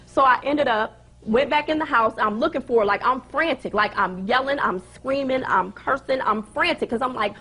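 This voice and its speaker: A woman gives testimony as a plaintiff before a judge. Her voice is fairly high and husky, and she tells her story in an agitated rush, acting out the other people's words as she goes. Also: normal speed, sharp tone. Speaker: plaintiff in a small claims case. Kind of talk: testifying on a courtroom show.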